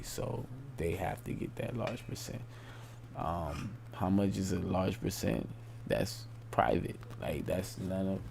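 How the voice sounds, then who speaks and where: A man's voice: low-pitched, creaky, mellow, a little hiss or hum. A young man talking casually on a late-night live stream, rambling and repeating himself in loose, informal speech.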